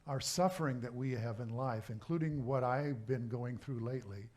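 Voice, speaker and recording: A man, a minister, giving a sermon talk in a relaxed, conversational way, pausing often and restarting his sentences. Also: medium pitch. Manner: conversational, halting, with many restarts. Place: church service.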